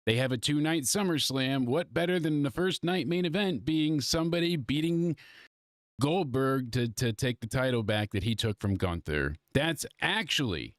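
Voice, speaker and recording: Man, congested, casual live stream host, loose rambling talk, mid pitch, dry sound. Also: lively intonation, normal speed, no echo. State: congested from allergies. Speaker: wrestling review livestream host.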